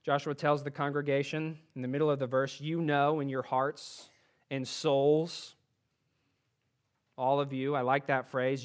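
A man preaching a sermon, reading scripture with emphasis and dropping to a quieter, earnest tone to urge his listeners. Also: medium pitch, level tone, a little slow. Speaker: pastor.

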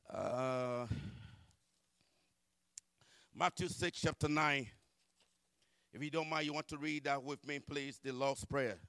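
Male preacher, high voice, dry close sound, fervent testimony with shouted peaks. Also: dry recording. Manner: impassioned, rising to shouts when reliving the struggle. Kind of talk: sermon testimony.

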